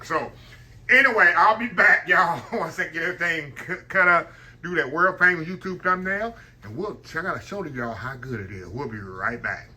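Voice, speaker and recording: A cooking vlogger from the Southern United States talks folksily to his viewers from his home kitchen, frequently saying "y'all." His mid-range voice is bright and forceful.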